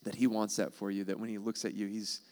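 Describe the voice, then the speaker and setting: A man's voice: lowish voice, level tone, quick pace, darkish tone. A man preaching a sermon in an earnest, emphatic way, repeating key phrases. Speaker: pastor.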